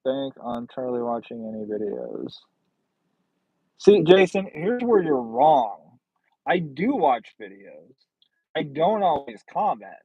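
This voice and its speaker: A man's voice: mid-range voice, huge pitch swings, slow, husky, dry recording, phone-quality sound. A man hosting a casual livestream, chatting with viewers in a blunt, sardonic, rambling way. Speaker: livestream host. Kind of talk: casual livestream chat reading comments.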